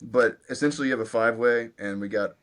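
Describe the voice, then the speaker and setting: A man in his twenties, a guest guitarist in a casual interview, talking in a relaxed, rambling way with lots of "like". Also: mid-range voice, fast talker. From Virginia, US. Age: 20s. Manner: relaxed, rambling with many "like" fillers.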